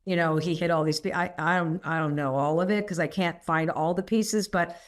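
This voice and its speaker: A middle-aged woman, a podcast guest, telling personal stories in a rambling, animated way and laughing often. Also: on the low side, fairly quick. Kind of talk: candid storytelling interview.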